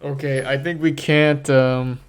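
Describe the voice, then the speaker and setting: A man's voice: medium pitch, flat delivery, unhurried, clear, resonant tone. A man casually playing a video game, reading dialogue choices aloud and laughing at the results. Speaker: let's play host. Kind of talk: casual gameplay commentary.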